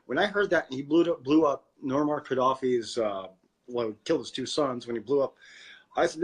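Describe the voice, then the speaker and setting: A man's voice: medium pitch, lively intonation, moderate pace, breathy edge. A man from Canada co-hosting a podcast, ranting about politics in a profane, worked-up way and often repeating words. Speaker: podcast co-host. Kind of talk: casual political chat.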